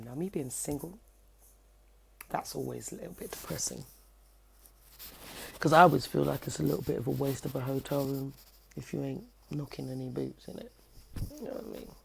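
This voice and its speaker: A young woman, telling a story to camera in a casual, cheeky, animated way, swearing freely, at home. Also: a bass voice, creaky, a little hiss or hum. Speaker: vlogger. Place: at home, indoors by her kitchen window.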